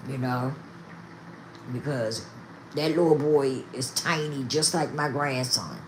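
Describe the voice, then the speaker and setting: A woman's voice: very deep voice, takes it slowly, slight background noise. Emphatic older woman chatting to viewers. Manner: emphatic, repeats herself, talks straight to viewers. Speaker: vlogger. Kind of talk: casual chat to viewers.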